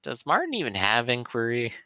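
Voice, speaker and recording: A man narrating as game master in a tabletop game, relaxed and chatty with fillers. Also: mid-range voice, a little fast, no echo.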